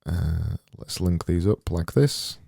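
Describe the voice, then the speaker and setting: A man with a deep, mellow voice rambles through a livestream of his design work. He talks slowly and mutters to himself, often mocking himself. The sound is close and dry. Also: gravelly, husky, no room sound. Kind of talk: thinking-aloud livestream commentary.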